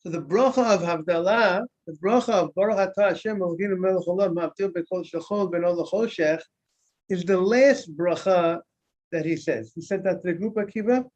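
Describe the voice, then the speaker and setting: A high-pitched male rabbi leads a casual Talmud lesson. He repeats himself and poses questions to the class, then answers them. The recording sounds dull and lo-fi. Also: a little fast, a little mellow.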